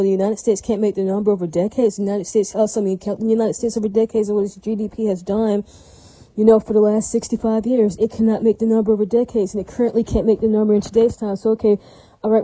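A woman's voice: medium pitch, warm tone, dry recording, poor audio. A woman delivering a rambling, ranting monologue to camera, often breaking off to ask whether what she says makes sense. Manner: ranting, repetitive, asks "does that make sense?".

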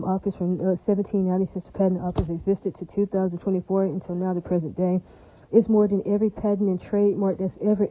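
A woman's voice: medium pitch, mellow, rough recording. A woman delivering a rambling, emphatic and profane monologue, repeating herself often.

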